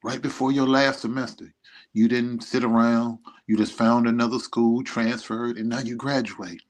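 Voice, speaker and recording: A man's voice: medium pitch, level tone, moderate pace. A middle-aged man giving an emotional, rambling message to his son, speaking tenderly and proudly. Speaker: vlogger. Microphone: streaming setup.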